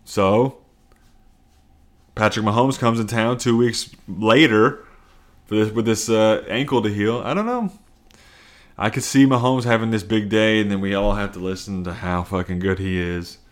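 Casual male podcast host, low-leaning voice, sweary and self-deprecating. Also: moderate pace. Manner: sweary, self-mocking, rambling with restarts. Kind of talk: casual rambling chat.

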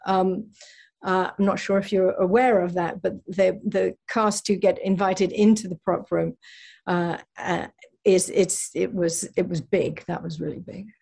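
A woman's voice: fairly low pitch, fairly even intonation, unhurried, vocal fry, a little mellow, husky. A woman with an English accent, chatting in an interview, self-deprecating and stumbling through restarts with frequent laughs. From England. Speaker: actress guest. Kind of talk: casual interview chat.

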